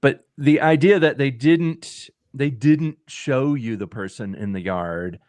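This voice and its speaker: Male film reviewer, mid-pitch, casual and rambling, dry close mic. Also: takes it slowly, darkish tone, no room sound. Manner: rambling, with frequent restarts and acted-out quotes. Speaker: movie reviewer. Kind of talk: casual discussion reacting to a trailer.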